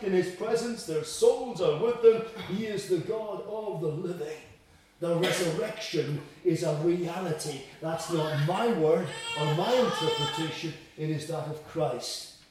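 A man preaching a sermon in an earnest, emphatic way, rising in pitch and force to stress his points. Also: a little mellow. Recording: echoey hall from far off.

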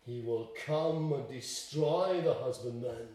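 A man preaching a sermon in a church, emphatic, swinging between loud and quiet to drive home his points. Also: a little high, a little slow. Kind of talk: expository sermon. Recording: echoey room, distant mic.

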